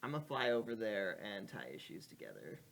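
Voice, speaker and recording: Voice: medium pitch, wildly swooping pitch, a little fast, creaky, a bit bright, a little hiss or hum. A player in a tabletop game asking about the scene, casual and laughing often. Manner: casual, laughs between lines.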